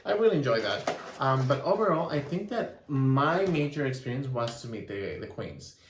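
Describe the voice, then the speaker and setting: A man co-hosting a vlog, reviewing his experience in a relaxed way, with frequent restarts and ums. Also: mid-range voice, moderate pace, echoey room, noisy background. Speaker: vlogger co-host. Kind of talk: casual chat review.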